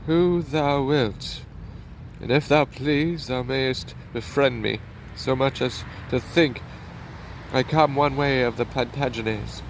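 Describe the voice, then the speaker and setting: A man's voice: mid-range voice, takes it slowly, slight background noise, rough recording. A man reading a blunt bold nobleman.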